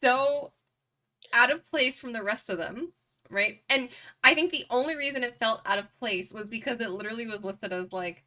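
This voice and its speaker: A woman's voice: on the high side, moderate pace, bright, forceful tone. A woman co-hosting a casual gaming podcast, easygoing, often answering with short agreeing replies. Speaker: podcast co-host. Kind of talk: casual chat.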